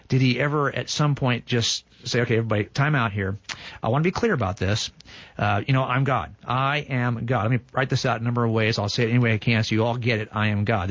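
Male talk show host, slightly husky, reads scripture with emphatic quotes, dull dry studio sound. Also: medium pitch, no echo.

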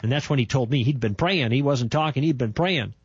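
An older man recounts a personal testimony, driving his points home with repetition and emphasis. His voice is husky, at an ordinary pitch for a man. The recording is dry and a little dull. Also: fairly quick, no echo. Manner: animated, emphatic storytelling with repetitions. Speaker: testimony speaker.

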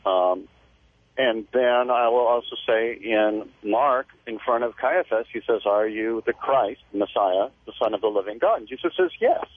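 A man's voice: medium pitch, normal speed, husky, no room sound. Male caller on a tinny phone line. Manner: hesitant, restarts, explains earnestly. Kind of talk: phone-in discussion.

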